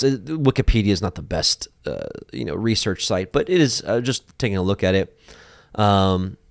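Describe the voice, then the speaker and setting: A man giving casual bible teaching, animated, acting out people's voices with lots of fillers. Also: fairly low pitch, smooth, dry recording, clean studio sound.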